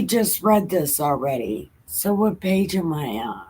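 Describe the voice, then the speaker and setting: A woman's voice: low-pitched, very animated, a little slow, hardly any pauses, dark tone, slightly rough, poor audio. A woman hosting a casual home livestream, reading scripture aloud in a laid-back, irreverent way with laughs and casual swearing. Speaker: livestream host reading the Bible.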